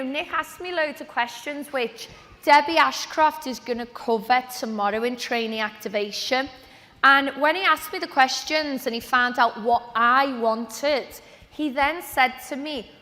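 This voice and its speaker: A woman, giving a lively, chatty motivational talk on stage at a business event. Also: high-pitched. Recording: long reverb of a large hall.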